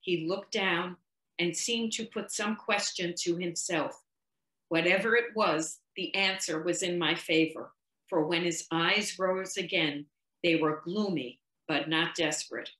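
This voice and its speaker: A woman reading a nineteenth-century short story aloud, measured and expressive. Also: low-pitched, reverberant, low-quality recording. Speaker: reader.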